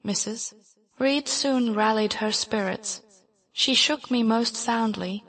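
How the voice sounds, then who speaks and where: A woman narrating a classic novel in the first person, reading in a measured, even way. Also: on the high side. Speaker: audiobook narrator. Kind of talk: scripted narration.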